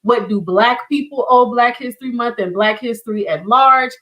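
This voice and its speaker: A middle-aged woman with a Southern US accent hosts an online teach-in, chatting to viewers in a warm, encouraging way. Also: a little high, normal speed, distant mic, poor audio. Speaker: online community show host. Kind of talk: casual livestream teaching.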